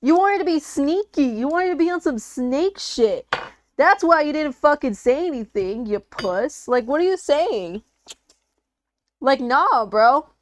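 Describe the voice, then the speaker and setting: A young woman streamer in casual reaction chat, talking in an animated, profane and rambling way. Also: sits high, measured pace, a little hiss or hum. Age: young adult.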